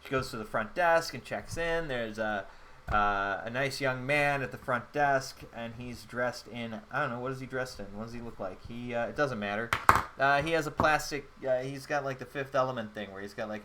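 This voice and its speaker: Man narrating a solo tabletop game, bright voice, rambling and full of fillers, faint background hiss. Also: mid-range voice, moderate pace. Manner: rambling, thinking aloud with many fillers. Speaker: solo game player and host.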